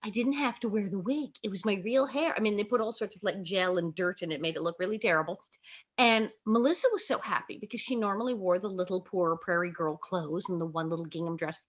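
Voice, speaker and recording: A middle-aged American woman, an actress and comedian, telling lively anecdotes in an interview and acting out quoted voices. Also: medium pitch, a little fast, lo-fi sound. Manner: lively storyteller, quotes herself in acted voices, laughs often.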